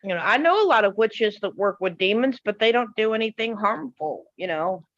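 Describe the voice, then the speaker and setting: A woman on a panel speaking earnestly in halting phrases full of fillers. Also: a little high, lively intonation, fairly bright tone, slight background noise. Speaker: panel guest. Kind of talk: casual chat. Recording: dull lo-fi audio.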